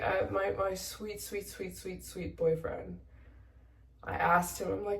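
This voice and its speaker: A woman's voice: medium pitch, takes it slowly, gravelly, roomy sound, recorded from a distance. Teary, emotional young American woman. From United States. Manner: emotional, close to tears, retelling conversations in animated voices. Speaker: travel vlogger. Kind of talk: casual storytelling to camera.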